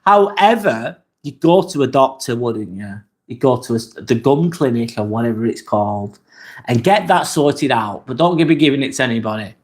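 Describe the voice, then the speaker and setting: A man's voice: mid-range voice, lively intonation, moderate pace. A young English man on a live-stream, casually reading chat comments and answering candidly, swearing now and then. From England. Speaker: livestream vlogger.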